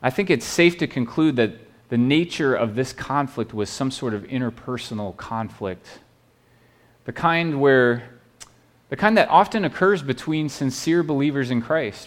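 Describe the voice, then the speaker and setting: Delivering his sermon at normal speed with lively intonation, this male pastor sounds earnest and pleading from a mid-range pitch. Again and again he starts phrases over and seeks agreement with a quick "right?".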